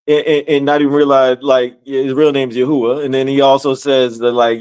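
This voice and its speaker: A man leading a live scripture study, reading verses and breaking into excited, slangy commentary that repeats words for emphasis. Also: mid-range voice, clean tone. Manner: reads scripture slowly, then bursts into excited preaching asides. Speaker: Bible study teacher.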